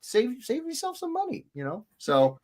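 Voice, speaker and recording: A man's voice: very high voice, normal speed. A man hosts a casual livestream chat. His voice rises and falls a lot as he jokes and calls out hello to viewers. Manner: animated, jokey, greets viewers loudly. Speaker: host.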